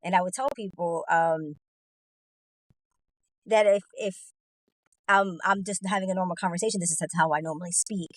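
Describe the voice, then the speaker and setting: A woman guest on a talk podcast who speaks in an even, monotone way. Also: fairly low pitch, normal speed, long pauses, dry recording, low-quality recording. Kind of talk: casual discussion.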